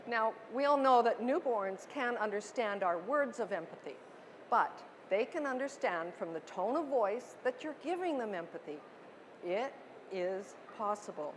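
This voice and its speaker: Middle-aged female parenting speaker, light higher voice, emphatic and earnest presenter. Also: animated, a little slow, slight background noise. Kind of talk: presentation to an audience. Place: book expo talk.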